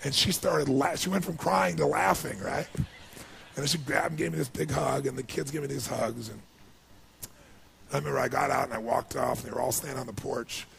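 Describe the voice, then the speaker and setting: A man giving a motivational speech, telling a personal story with emotion that builds into excited passion. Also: medium pitch, a little fast, vocal fry. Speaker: motivational speaker.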